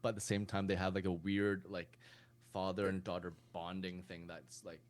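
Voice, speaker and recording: A man's voice: deep voice, flat delivery, moderate pace. A man co-hosting a podcast, rambling in casual chat with many fillers. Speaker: podcast co-host.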